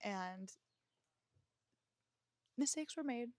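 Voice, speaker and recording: A woman's voice: on the high side, lively intonation, drawn-out words, a little mellow, no echo, clean studio sound. A woman hosting a podcast, telling her own story in a reflective, confessional way with many filler words. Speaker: podcast host. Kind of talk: candid personal storytelling.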